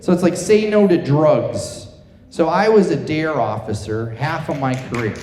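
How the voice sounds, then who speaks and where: A middle-aged man doing stand-up on a theater stage, his voice sitting high for a man. He tells self-deprecating stories and chats with the crowd. The hall rings with long, roomy reverb around his mic. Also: moderate pace, background noise. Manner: chatty self-deprecating storytelling with crowd work. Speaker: stand-up comedian. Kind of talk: stand-up comedy set. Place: theater stage before a live audience.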